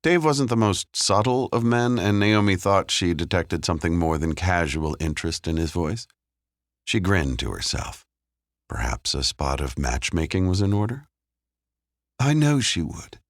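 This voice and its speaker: A man reads a thriller audiobook in a measured, steady narrating voice. His voice is extremely deep. The studio sound is close and dry, with no room echo. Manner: measured, even storytelling. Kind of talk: scripted narration.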